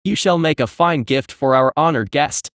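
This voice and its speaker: Male narrator doing a fanatical monster leader, cheery and cackling, highish voice, dry close sound, audiobook. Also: moderate pace, a bit bright, no room sound, close to an everyday voice. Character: grotesque fanatical burrowing creature leader, male.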